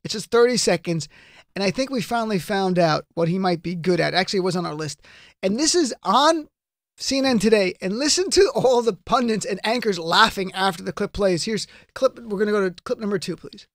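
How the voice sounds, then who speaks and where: A man's voice: high voice, animated, a little fast, fairly bright tone, no echo, studio quality. A man hosting a casual panel talk show, joking and teasing his guests. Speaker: host.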